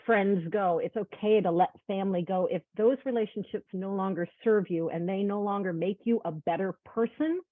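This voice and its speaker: A woman's voice: medium pitch, normal speed, hardly any pauses, dry recording. A woman in her fifties, a guest on a video call, telling heartfelt personal stories in candid chat. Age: 50s. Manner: earnest, heartfelt storytelling with quoted dialogue. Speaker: guest, medical student. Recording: tinny phone-like call audio.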